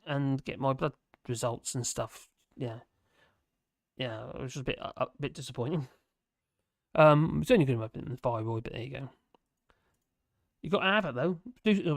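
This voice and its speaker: A hoarse man, hosting a casual live stream from home and chatting loosely as he reads out viewer comments. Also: on the high side, no room sound, studio quality. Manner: rambling, chatty, self-mocking, hums to himself. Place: at home in France. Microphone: desk microphone.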